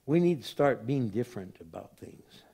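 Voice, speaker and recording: A man's voice: medium pitch, big pitch swings, normal speed, vocal fry, mellow, husky. An older man, a pastor giving a sermon in a conversational, storytelling way.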